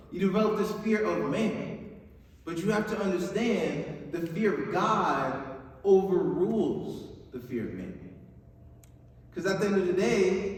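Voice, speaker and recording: A young man preaching a youth sermon in an upbeat, chatty way, often checking in with his listeners. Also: high voice. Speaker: youth pastor. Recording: echoey hall, mic far off, faint noise.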